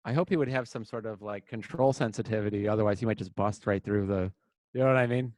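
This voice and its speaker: A man's voice: on the low side, fast talker, darkish tone, no echo. A young American man telling a rambling, crude story in casual podcast banter, full of fillers. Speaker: podcast co-host.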